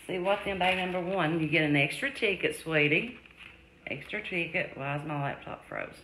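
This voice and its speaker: A woman hosting a live jewelry sale, chatting warmly with viewers and calling them sweetie, love and darling. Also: fairly low pitch, normal speed, noisy background. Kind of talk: live-stream selling chat. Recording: echoey room.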